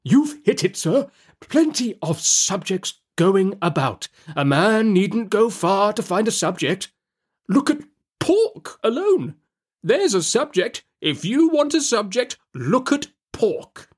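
A man's voice: high-pitched, sing-song, takes it slowly, husky, pitched above the performer's own voice, full character voice. A man voicing a pompous, blustering older uncle who talks in a hearty, self-satisfied way and draws out his words.

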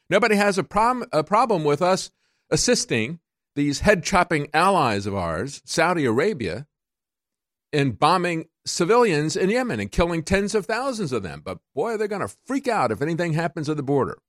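A man's voice: fairly high pitch, big pitch swings, normal speed, fairly bright tone, dry recording. Male radio host, combative and sarcastic monologue, dry close mic. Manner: combative, sarcastic, rising to indignant peaks. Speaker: radio talk show host.

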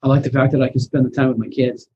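A husky-voiced man who invests in real estate, talking casually and animatedly as an interview guest. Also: mid-range voice, flat delivery, racing, mellow, dull audio, a little hiss or hum.

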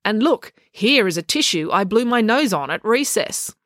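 A woman's voice: medium pitch, lively intonation, moderate pace, fairly bright tone, dry recording, clean studio sound, voice pushed up, close to an everyday voice. A woman voicing an earnest, slightly clueless young boy who hesitates as he talks.

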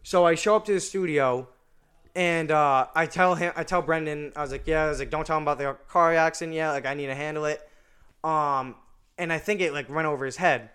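A young man chats casually as a guest, winding through a story with constant fillers and restarts. His voice sits a little high and sounds smooth and resonant. He talks like he is among friends. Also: fairly quick, fairly bright tone. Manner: rambling, many "like" fillers and restarts. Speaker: podcast guest.

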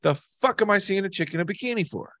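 A man co-hosting a casual podcast, talking bluntly with lots of swearing and animated bursts. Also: high voice, quick pace, no echo. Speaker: tattoo artist, podcast co-host.

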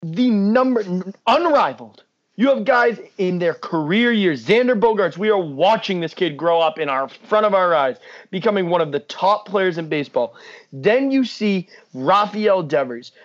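A man's voice: sits high, lively intonation, normal speed. A young man co-hosting a casual sports podcast, blunt and ranting, swearing freely. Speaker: podcast co-host. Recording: dull lo-fi podcast mic.

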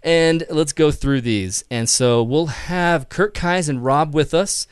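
A man's voice: a little high, slow pace, clean tone, dry recording, clean studio sound. A man co-hosting a live podcast, upbeat and chatty, talking casually with his co-host. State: tired, out of breath. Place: indoors.

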